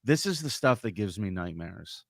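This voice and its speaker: A man's voice: fairly low pitch, big pitch swings, moderate pace, dry recording. A man co-hosting a casual livestream, reading viewer comments aloud and teasing his partner. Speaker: co-host.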